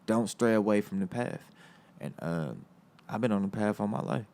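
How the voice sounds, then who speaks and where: A man's voice: lowish voice, moderate pace, gravelly, warm tone, slight background noise. A young man from South Berkeley, a rapper guest in an interview, talking casually with street slang, heavy swearing and defiant emphasis. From South Berkeley, California.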